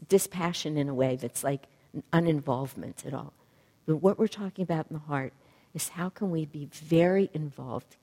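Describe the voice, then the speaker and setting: A woman spiritual teacher giving a reflective talk who sometimes pauses to search for words. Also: low-pitched, mellow, long reverb tail.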